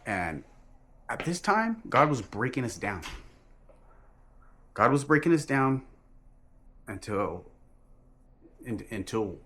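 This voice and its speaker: A man with a somewhat low voice recounts his religious testimony. He speaks earnestly and emphatically, but in a halting way, stopping mid-phrase and correcting himself often. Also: fairly bright tone. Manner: halting, with frequent restarts and self-corrections. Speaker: person giving a religious testimony. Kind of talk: personal testimony storytelling.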